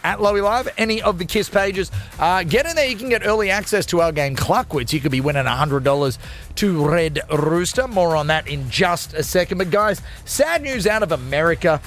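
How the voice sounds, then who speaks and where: Aussie radio guy, jokey and hyped, high bouncy voice, bit of music under it. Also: animated, fairly quick, a bit bright. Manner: jokey, self-mocking, hyped. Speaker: radio host. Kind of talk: upbeat radio show patter.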